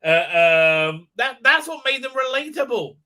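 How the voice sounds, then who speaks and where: A man's voice: very high voice, big pitch swings, measured pace, sharp tone. A man ranting sarcastically in a show review, swearing often and full of fillers and restarts. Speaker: commentator.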